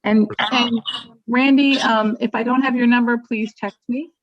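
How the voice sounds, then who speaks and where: A woman helping organize the auction, talking quickly and practically. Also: a little high, fairly even intonation. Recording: dull lo-fi line with noise.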